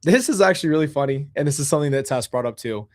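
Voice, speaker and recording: A man's voice: on the high side, rapid-fire, no echo, studio quality. A man hosting his own livestream show, talking casually and animatedly to his viewers and joking with the chat as he vents. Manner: animated, chatty, complains playfully, talks to chat. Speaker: host.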